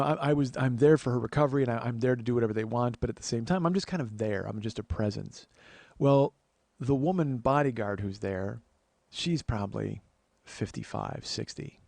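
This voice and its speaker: A man in his forties telling a long story on his own show, wry and rambling and full of profanity. His voice sits at an ordinary pitch, and the sound is close and dry with no room echo. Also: darkish tone. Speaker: comedian host. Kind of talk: comedic storytelling monologue.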